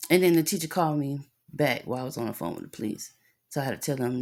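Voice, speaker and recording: A woman's voice: low voice, animated, brisk, darkish tone. A woman, telling a story about her son in an angry rant full of profanity. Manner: angry, profane, talks with lots of cussing.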